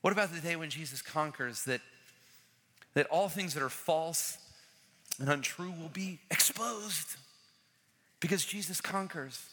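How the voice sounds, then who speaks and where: A man preaching a sermon as pastor, animated and repeating key phrases, acting out the people in the story. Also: fairly high pitch, a little slow, pauses often, breathy edge. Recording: large hall with long reverb.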